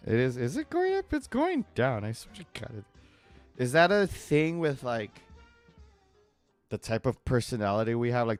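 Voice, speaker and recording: Recorded dry with a smooth, lowish voice, a man draws on a live stream and chats casually, wandering off on tangents. He laughs frequently as he talks.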